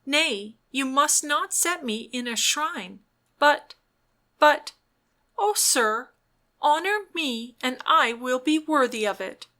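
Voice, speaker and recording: Lady reader doing a pious young noble lady, wistful and pleading, high and bright. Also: animated, slow pace, exaggerated voice.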